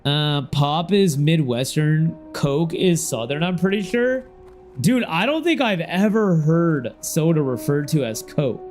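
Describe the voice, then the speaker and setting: A young man from Ohio chatting casually on a game stream, loose and slangy, now and then breaking into sudden excited shouts. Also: on the high side, measured pace, soft background music.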